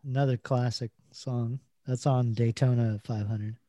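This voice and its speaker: A man's voice: mid-range voice, steady tone, a little slow, mellow, dry recording. A man co-hosting a casual podcast, reading out quotes and laughing often. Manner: reads lyric quotes aloud, laughs often. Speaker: podcast co-host running a quiz game. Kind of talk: casual chat.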